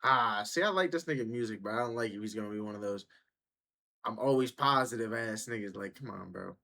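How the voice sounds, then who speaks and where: A man's voice: on the low side, quick pace, vocal fry, sharp tone. A man hosting a reaction video, talking casually in blunt, profane slang.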